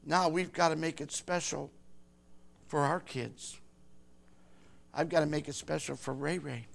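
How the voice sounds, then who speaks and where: An older man, a grandfather, rambling through a personal story with halting speech and frequent restarts. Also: a little high, fairly even intonation, creaky, fairly bright tone.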